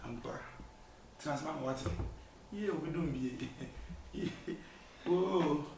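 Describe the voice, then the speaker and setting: A man, joking loudly in a comedy skit and mixing English with Twi. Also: fairly high pitch, drawn-out words, far from the mic. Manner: loud excited mix of English and Twi. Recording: echoey room, faint noise.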